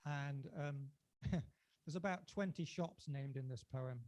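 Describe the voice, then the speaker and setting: A man from England performing his own poetry at a book launch, impassioned and rising toward shouting, then chatting in a self-deprecating way between poems. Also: fairly high pitch, unhurried, no room sound. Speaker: poet.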